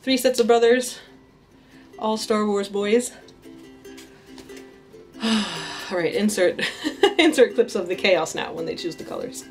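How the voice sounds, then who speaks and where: A woman's voice: mid-range voice, slow, pauses often, soft background music. A woman in a casual home vlog, chatting about her pet rats with frequent laughs and cooing baby talk to them. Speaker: artist and vlogger introducing her pet rats.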